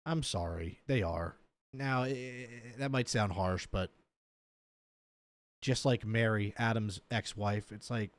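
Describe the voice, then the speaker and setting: A man hosting a reaction video, with blunt, animated commentary that runs off into quick tangents. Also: medium pitch, no echo.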